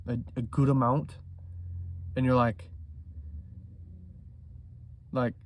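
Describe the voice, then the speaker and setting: A man vlogging about trading in an intense monologue, swearing freely and swinging between loud emphasis and hushed talk. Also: mid-range voice.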